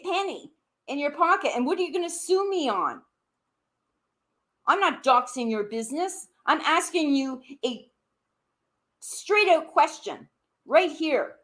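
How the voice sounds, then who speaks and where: Speaking high and bright at a measured pace with long pauses, this woman is very animated in a heated live-stream rant. She accuses someone to their face, asks the same questions over and over, curses, and her pitch leaps when anger hits.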